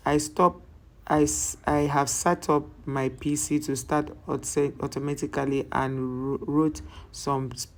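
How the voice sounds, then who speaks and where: At medium pitch, a reaction channel host reads viewer comments aloud. Words often get restarted mid-sentence, and relaxed, conversational asides are slipped in between comments.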